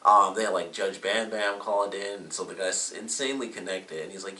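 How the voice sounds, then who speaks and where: A man with a deep voice and a bright, forceful edge talks his way through a TV episode review, full of fillers and restarts. He is recorded from a distance in a roomy, echoing space. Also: fairly quick, hardly any pauses, a little hiss or hum. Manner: rambling, with many fillers and self-corrections. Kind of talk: casual solo review. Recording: roomy echo, mic at a distance.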